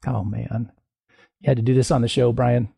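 A man's voice: medium pitch, steady tone, normal speed, gravelly, warm tone, breathy edge, no room sound. A man hosting a comedy game show podcast, playful and teasing. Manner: playful, teasing, breaks into goofy voices.

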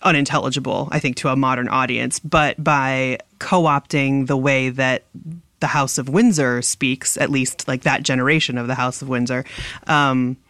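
A woman's voice: extremely low pitch, steady tone, moderate pace, a bit bright, dry recording. A woman in a casual podcast chat, breaking down accents with eager, analytical detail. Her voice is recorded dry and close, with no room sound. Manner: analytical, enthusiastic about accents.

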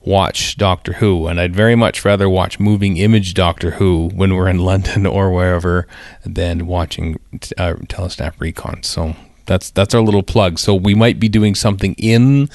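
Low-voiced man in a rambling podcast chat. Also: steady tone, normal speed, a little mellow, dry recording, clean studio sound. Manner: rambling, hesitant, many fillers and restarts. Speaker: podcast co-host. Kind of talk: casual chat.

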